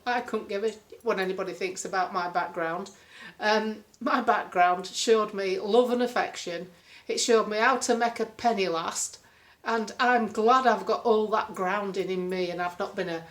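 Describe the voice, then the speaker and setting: A woman's voice: mid-range voice, fairly bright tone. An older woman telling a story in a blunt, chatty way, now and then putting on voices. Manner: blunt, chatty, swears lightly, acts out voices. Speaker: political commentary vlogger. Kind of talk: casual storytelling monologue.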